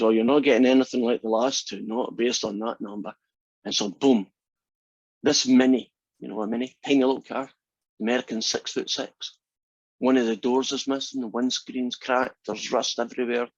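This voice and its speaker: A man's voice: mid-range voice, vocal fry, no echo, highs cut off. A male math instructor giving a chatty classroom lecture and joking with his students. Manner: chatty, tells jokes with asides.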